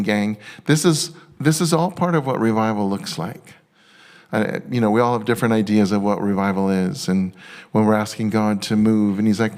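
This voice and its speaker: A male pastor preaching a sermon, excitable and halting with many restarts, turning tender and emotional at times. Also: on the low side.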